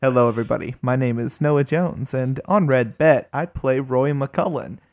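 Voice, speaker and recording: A man's voice: medium pitch, normal speed, a little mellow. A man co-hosting a podcast, introducing himself in easygoing chat. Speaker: podcast co-host and player. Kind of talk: casual chat.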